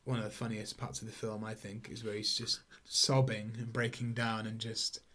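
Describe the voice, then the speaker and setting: A man's voice: lowish voice, little pitch movement, moderate pace, pushed and bright. A man co-hosting a podcast, chatting casually and rambling about a film with lots of fillers. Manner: rambling, many fillers, acts out quotes in silly voices. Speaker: podcast co-host. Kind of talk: casual film review chat.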